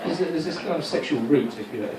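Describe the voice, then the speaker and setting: A man's voice: a little high, expressive, fast talker, heavy background noise. Man doing stand-up, far off. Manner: rambling, self-mocking, with stumbling restarts. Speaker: stand-up comedian. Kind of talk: stand-up comedy set. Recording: roomy live venue from a distant mic, loud crowd laughter.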